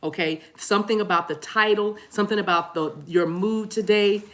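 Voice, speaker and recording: A woman's voice: mid-range voice, fairly even intonation, normal speed. A woman reading tarot cards for her viewers in a casual live-stream chat. She rambles, laughs a lot and keeps saying "y'all". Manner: chatty, laughs often, warm "y'all" asides; rambling with restarts and apologies. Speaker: tarot reader.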